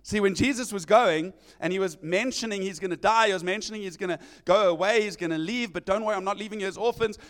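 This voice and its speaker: High-voiced man preaching animatedly. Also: fast, hardly any pauses. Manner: animated, acting out quoted voices. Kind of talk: sermon.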